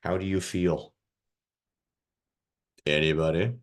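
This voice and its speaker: This man's voice is low and steady, and he speaks slowly. He's a mental coach for youth hockey, running a relaxed, supportive group session online and putting questions to the young players.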